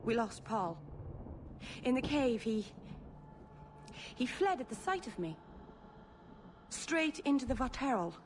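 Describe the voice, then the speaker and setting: A woman playing a young female elf mage who answers in a slow, expressive, pointed way. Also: fairly high pitch, slight background noise. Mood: somber.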